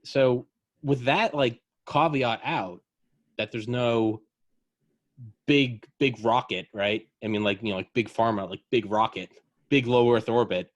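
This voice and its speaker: A man chatting casually as a podcast co-host, telling a rambling, animated story full of fillers. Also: mid-range voice, unhurried. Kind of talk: casual chat.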